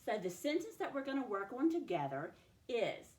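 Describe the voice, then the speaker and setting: A woman's voice: fairly high pitch, big pitch swings. Woman teacher sounding out phonics. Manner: slow, careful sounding-out of letters and sounds. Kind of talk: recorded phonics dictation lesson. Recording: echoey room.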